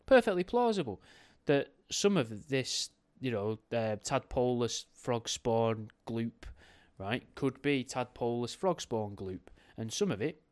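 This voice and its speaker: A man's voice: medium pitch, takes it slowly. A man hosting a podcast in a casual, rambling, jokey way, often correcting himself mid-sentence. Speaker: podcast host.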